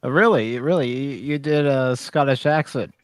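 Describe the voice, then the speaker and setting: A man chiming in slowly with doubtful remarks in a casual podcast chat. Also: medium pitch, dry recording.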